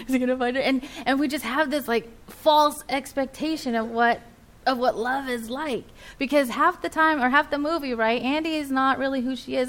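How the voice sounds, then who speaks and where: A young woman speaking to a church group in a chatty, animated way, with many fillers. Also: high-pitched. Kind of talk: casual sermon talk to a group.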